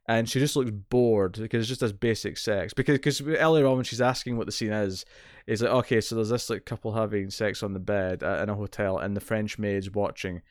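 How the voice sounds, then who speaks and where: A man's voice: lowish voice, steady tone, a little fast, no echo. Man, podcast co-host, casual recap chat, rambling, dry close sound. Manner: rambling, many restarts and fillers.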